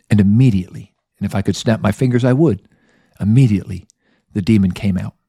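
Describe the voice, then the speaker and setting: A man's voice: on the low side, mellow, husky, no echo, studio quality. A man telling a Bible story as a lesson podcast host, with folksy, playful asides.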